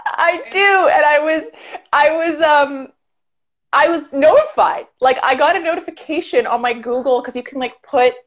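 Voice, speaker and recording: A woman from Ottawa, a YouTuber guest, chatting casually with lots of "like" and fillers over a video call. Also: high voice. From Canada, Ottawa. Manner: chatty, fast, filler-heavy with frequent "like". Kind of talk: casual chat. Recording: dull lo-fi sound.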